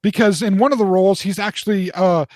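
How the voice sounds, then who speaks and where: Man in his forties, fairly high voice, rambling animated storyteller, dry close sound, casual podcast chat. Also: fast talker, no room sound. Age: 40s. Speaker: podcast co-host.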